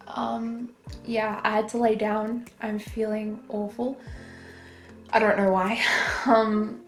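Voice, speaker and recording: A tired woman vlogger talks to her viewers in a chatty, frank way, short of breath and apologising as she goes. Her voice sits mid-range, in an echoey room with faint music underneath. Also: medium pitch. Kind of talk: casual talk to camera.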